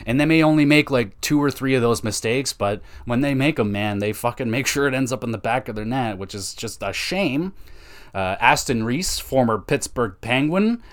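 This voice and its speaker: A man's voice: mid-range voice, normal speed. A man hosting a casual hockey podcast, talking loosely with lots of swearing and fillers. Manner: loose and profane, with frequent fillers. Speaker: podcast host.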